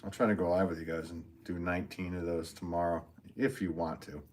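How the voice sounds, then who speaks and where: A man's voice: sits low, little pitch movement, fairly quick, background noise. A man who is a potter, chatting casually with viewers on a live stream, rambling and chuckling often as he reads comments.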